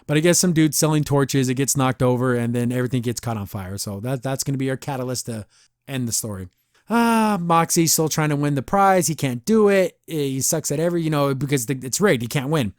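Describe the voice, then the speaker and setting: A man's voice: medium pitch, fairly quick, no room sound, clean studio sound. A man hosting a podcast, casually reviewing an episode, rambling and laughing often. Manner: chatty, rambling, laughs often, says "I don't know" a lot. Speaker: podcast host.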